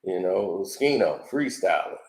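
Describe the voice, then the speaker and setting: A man's voice: low-pitched, expressive, unhurried, darkish tone, echoey room. A man giving casual commentary on an interview, telling stories animatedly, acting out quotes and laughing often.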